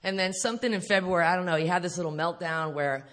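Brief: middle-aged woman, recovery speaker at a live event, bright forceful voice, candid, swears freely. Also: fairly low pitch, fast talker. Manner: blunt and profane, laughing often. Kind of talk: candid storytelling talk to an audience.

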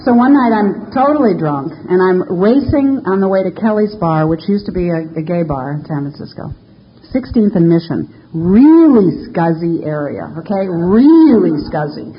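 A woman's voice: lowish voice, animated, normal speed, muffled recording. An older woman giving a candid, self-mocking personal testimony about her recovery to a live audience. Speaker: speaker sharing recovery story.

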